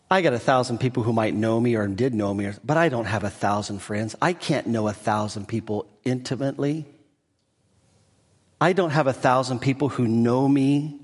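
A middle-aged man preaching a sermon as a pastor, fervent and climbing to high, loud peaks before dropping to soft, intimate tones. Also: long reverb tail.

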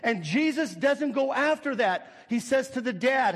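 A man's voice: very high-pitched, animated, normal speed, in a large hall. A male pastor preaching a sermon, walking through a scripture passage with rhetorical questions and acted-out scenes.

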